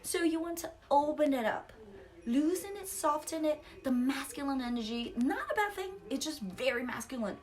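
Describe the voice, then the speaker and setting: A young adult woman giving a casual spiritual coaching talk, animated and laughing, acting out outbursts. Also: high-pitched, moderate pace. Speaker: psychic coach.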